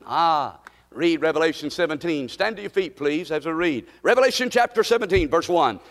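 A male pastor, his voice sitting notably high, preaching a sermon. He leads the congregation in call-and-response and builds to emphatic repetition. The sound carries a long echo from a large church hall. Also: expressive, brisk.

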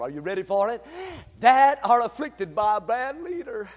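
A male pastor preaching a fiery sermon, shouting in rhythmic refrains and counting off numbered points. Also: very high-pitched, big pitch swings, normal speed, big-room sound.

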